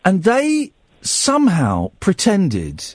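A man's voice: high-pitched, huge pitch swings, slow pace, no echo. A man hosting a late-night radio phone-in, chatty and rambling with many restarts. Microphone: studio microphone.

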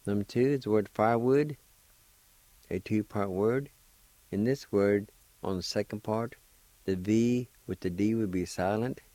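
Slow, low-voiced man teaching. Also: warm tone, no echo. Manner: breaks words into syllables, repeats them slowly. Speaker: language teacher and radio host. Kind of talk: slow pronunciation lesson.

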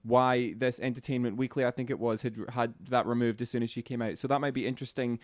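A man co-hosting a casual podcast. He talks at length in a chatty, thoughtful way, often pausing on "um" as he gathers his thoughts. His voice is at a middle pitch for a man and sounds dry and close-miked. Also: level tone, no echo. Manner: chatty and thoughtful, with frequent ums. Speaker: podcast co-host.

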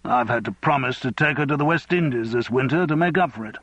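A man's voice: mid-range voice, fast talker, fairly bright tone, dry recording, lightly acted. A man voicing a commanding senior party whip who gives firm instructions.

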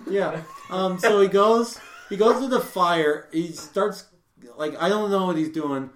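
A podcast co-host telling a funny camping story in casual chat, animated and laughing, acting out their own exasperated lines. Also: mid-range voice, a little slow. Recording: echoey room with faint noise.

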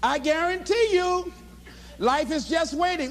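A man giving a motivational speech in an impassioned, preacher-like way, often raising his voice to a shout. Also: very high voice, sing-song, moderate pace, in a large hall. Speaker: motivational speaker.

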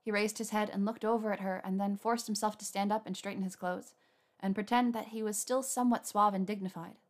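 A woman reads a story aloud in a steady, measured voice, keeping her narration plain and even between the characters. Her pitch sits in the middle range for a woman. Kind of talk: storybook reading.

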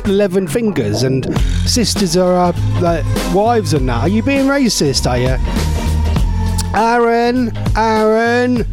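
A man's voice: high-pitched, very animated, normal speed, music in the background. A man with a strong Norfolk accent hosting a casual radio show, bantering with listeners in a jokey, mock-indignant, rambling way. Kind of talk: casual radio chat reading listener messages.

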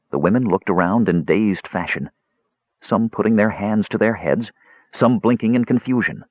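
A man narrating a fantasy audiobook with expressive, dramatic storytelling. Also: on the low side, moderate pace, husky, no echo. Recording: dull lo-fi dry recording.

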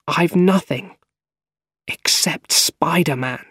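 A man voicing a bitter young rich man, resentful and vengeful, pitched well above his own voice with a strained, raised delivery. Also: slow pace, fairly bright tone, husky, no room sound, studio quality, full character voice.

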